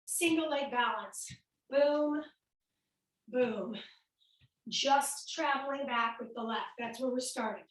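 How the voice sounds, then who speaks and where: A high-pitched fitness instructor with an American Midwestern accent coaches a home workout class, upbeat and slightly breathless as she cues each move at a moderate pace with hardly any pauses. Her fairly bright voice sits far from the mic in a very echoey room, and the recording is rough.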